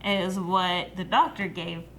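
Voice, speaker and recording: A woman's voice: fairly low pitch, steady tone, takes it slowly, a bit bright, slight background noise. A woman co-hosting a reaction video, explaining points in casual chat and laughing often.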